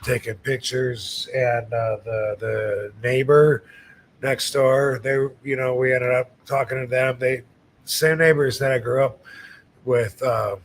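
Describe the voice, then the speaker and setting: A middle-aged man tells stories at a loose, rambling pace, stopping and restarting often. His voice sits at an ordinary pitch, with a faint low rumble in the background. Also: steady tone, slow pace, low-quality recording. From Michigan, United States. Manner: rambling storyteller with many fillers and restarts. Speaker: podcast host. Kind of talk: casual chat.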